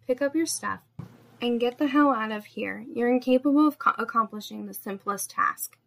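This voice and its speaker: A female narrator voices a domineering woman in a spoken story, issuing commands with open contempt. The voice sits a little high with a gravelly fry underneath. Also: normal speed, fairly bright tone. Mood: contemptuous. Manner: barking orders, insulting.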